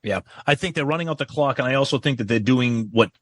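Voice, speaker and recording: A man co-hosting a podcast in casual chat, emphatic, quick to agree and add asides. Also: mid-range voice, no echo. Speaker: podcast co-host.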